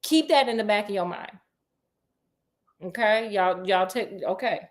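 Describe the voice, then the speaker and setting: A woman casually retelling a children's book, chatty and animated with slangy, playful asides. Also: medium pitch, a little slow. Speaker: storyteller.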